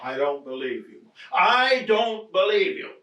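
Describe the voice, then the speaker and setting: An actor playing an irritable, nervous husband after a burglary, blustering, swearing and ranting in a stage play. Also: male voice, high-pitched, big pitch swings, measured pace, sharp tone, heavily acted. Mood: agitated. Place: theatre stage. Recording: roomy stage sound from a distant mic.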